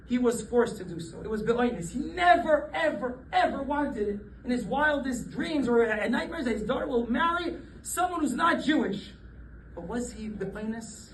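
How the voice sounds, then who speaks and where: A rabbi giving a Torah class, lively and often laughing as he acts out the people in his stories. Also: very high-pitched, normal speed. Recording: echoey room, voice from a distance, faint background noise.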